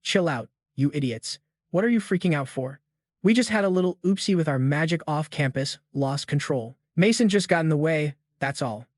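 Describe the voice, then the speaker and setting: A man voicing an arrogant, hot-headed teenage student bully who taunts and yells. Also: a little high, animated, normal speed, no room sound, clean studio sound, lightly acted. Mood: sneering, yelling. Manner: sneering, taunting, yelling.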